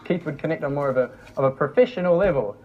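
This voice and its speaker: Young male presenter, casual and jokey, high-ish voice, dull lo-fi sound. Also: lively intonation, fast, a little hiss or hum. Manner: chatty, joking, laughs often. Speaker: workshop presenter. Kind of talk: casual teaching talk. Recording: dull lo-fi recording.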